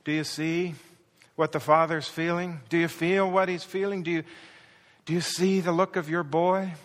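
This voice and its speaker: A man's voice: on the high side, little pitch movement, normal speed. A male pastor preaching a sermon with passion, acting out the quoted words with rising intensity. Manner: impassioned, acts out quoted lines with rising intensity. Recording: long hall reverb.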